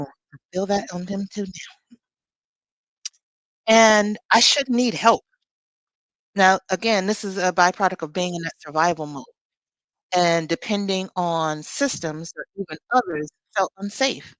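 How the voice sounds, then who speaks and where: A woman's voice: mid-range voice, a little slow, pauses often, a bit bright, dry recording, rough recording. A woman leading a live spiritual teaching, talking expressively with sassy, conversational asides.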